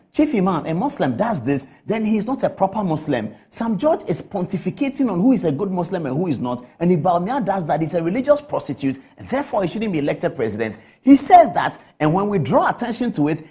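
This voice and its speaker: A woman's voice: medium pitch, mellow. A woman giving heated political commentary on a TV panel, firing off rhetorical questions and scolding with repetition. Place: TV studio.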